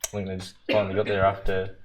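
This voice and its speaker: A man hosting a casual live Q&A, bantering in a relaxed way and reading out viewer questions. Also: deep voice, fast talker, a little hiss or hum. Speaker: host.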